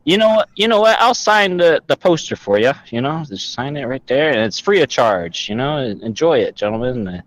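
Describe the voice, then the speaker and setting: A man's voice: medium pitch, sing-song, a little fast, hardly any pauses, lightly acted. A man voicing a flustered male adventurer in a tabletop game, who stammers nervously. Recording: dull, faintly noisy audio.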